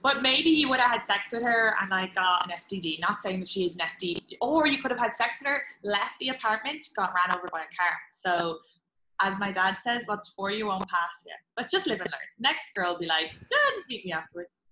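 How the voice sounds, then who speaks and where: Woman host, casual laughing chatter, bright voice in an echoey room. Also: medium pitch, a little fast, a little hiss or hum. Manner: laughing, animated storytelling with swearing. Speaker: podcast host. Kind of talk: casual chat.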